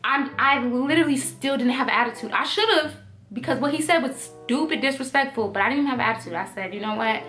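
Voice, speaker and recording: Young woman, storytime vlog, high voice, cussing and emphatic, faint music behind. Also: brisk. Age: young adult. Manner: animated, profane, emphatic storytelling. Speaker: storytime vlogger.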